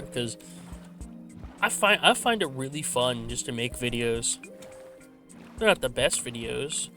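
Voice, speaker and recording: A man hosting a laid-back gaming channel, rambling and self-correcting with a slight stutter, into a desk microphone. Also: mid-range voice. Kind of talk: laid-back rambling commentary while playing. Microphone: desk microphone with a simple filter.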